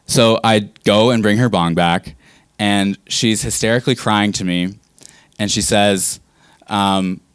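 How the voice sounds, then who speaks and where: A man in his twenties telling a story on a comedy stage, casual and profane with a deadpan edge. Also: lowish voice, a little slow, clear, resonant tone, no room sound. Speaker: stand-up comedian.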